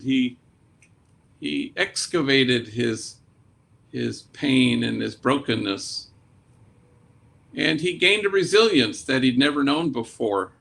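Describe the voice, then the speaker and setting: A man, a priest, telling a story in a lively way, dropping in Spanish slang words. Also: medium pitch, creaky. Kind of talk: storytelling talk.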